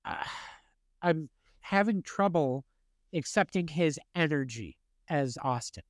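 High-voiced, animated male podcast host. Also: slow, no room sound, studio quality. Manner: animated, laughs often. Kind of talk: casual chat.

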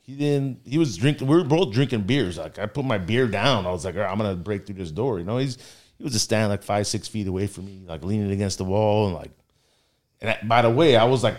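A man's voice: on the low side, lively intonation, brisk. A man casually telling a story as a guest, rambling and full of filler words.

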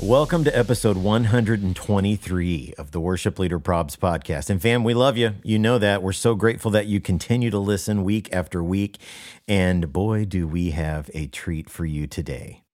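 A man's voice: fairly low pitch, moderate pace, a little mellow. A man hosting a podcast in enthusiastic, playful casual chat. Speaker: podcast host.

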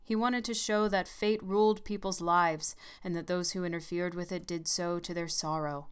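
A woman's voice: on the low side, steady tone, moderate pace, clean tone, natural voice. A woman reading as a grave older male soldier who gives solemn warnings.

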